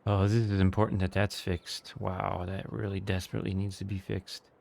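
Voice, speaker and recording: A man giving casual gameplay commentary, thinking aloud in a relaxed way with small hesitations. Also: deep voice, fairly quick, gravelly.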